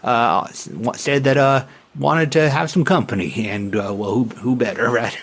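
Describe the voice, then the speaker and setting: A man's voice: mid-range voice, normal speed, husky. A man voicing a folksy, talkative local townsman who rambles and stammers. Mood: chatty.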